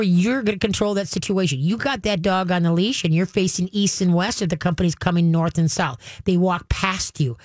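A woman's voice: on the low side, a little mellow, no echo, studio quality. A woman hosting a call-in radio show, giving folksy, chatty advice on training pets and acting out little voices as she goes.

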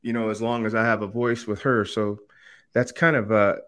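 A man talking as a podcast guest and coach, telling stories in an animated way and acting out the people he quotes. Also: moderate pace. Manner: animated storyteller who acts out quoted voices with big pitch jumps. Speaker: podcast guest, quarterback coach and former TV analyst. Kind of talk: casual podcast conversation.

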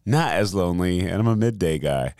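A man's voice: low voice, expressive, fairly quick, darkish tone, no echo, studio quality. A man co-hosting a casual comedy podcast, laid-back and rambling, laughing often. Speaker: podcast co-host. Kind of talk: casual chat.

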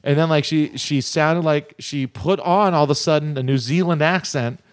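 A man hosting a radio show, chatting casually in a rambling, halting way full of fillers. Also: a little high, smooth. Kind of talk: casual chat.

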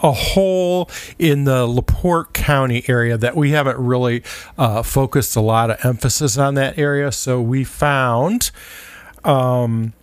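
A man co-hosting a food podcast in a small studio, chatting in a relaxed, rambling way with many fillers. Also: mid-range voice, measured pace, smooth, dry recording. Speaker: podcast co-host. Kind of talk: casual chat.

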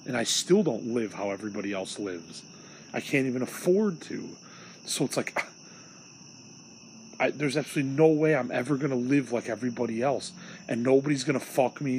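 A young man from Illinois rants alone into a podcast, rambling and swearing as he vents his frustrations. His voice sits at an ordinary pitch. Faint crickets chirp behind him. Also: background noise. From Illinois, USA. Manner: rambling, profane, agitated venting. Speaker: podcast host. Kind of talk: solo rant podcast.

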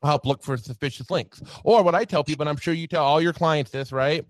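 A man with a somewhat higher voice talks as a guest on a podcast. He is animated and laughs easily, and he fills his speech with casual tags. The sound is close and dry, with no room echo. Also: brisk. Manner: animated, laughs often, uses many fillers like "right" and "you know". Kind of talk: casual chat.

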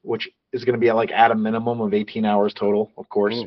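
A man's voice: lowish voice, little pitch movement, fast talker, dry recording, muffled recording. A man co-hosting a casual movie podcast, sharing trivia from notes with frequent ums. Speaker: podcast co-host.

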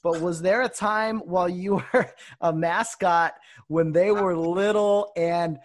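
A man hosts a relaxed interview, chatty and affable as he sets up his questions. His voice sits a little on the high side. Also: slow. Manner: affable, chatty, laughs easily. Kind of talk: casual interview.

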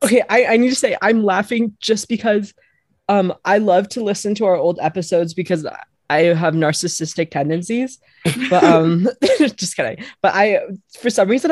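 A woman's voice: on the low side, a little mellow, no echo, clean studio sound. A young woman co-hosting a casual podcast over a video call, giggling and laughing often. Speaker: podcast co-host. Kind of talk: casual chat.

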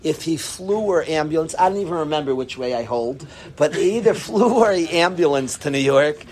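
A man telling a humorous personal anecdote to a group, animated and self-deprecating. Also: a little high, brisk, a little hiss or hum. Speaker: storyteller.

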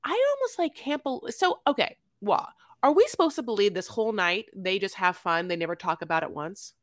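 A woman co-hosting a casual podcast about a reality TV show, talking emphatically and rambling, with sudden high outbursts. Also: very animated, fairly quick, fairly bright tone, no echo, clean studio sound. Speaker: podcast co-host. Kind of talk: casual reality TV recap chat.

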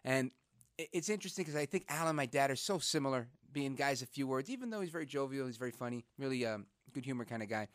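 A man hosting a talk radio show, speaking in an animated, conversational way. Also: mid-range voice, quick pace, no room sound, clean studio sound. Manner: animated, conversational, outraged then reflective. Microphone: studio microphone.

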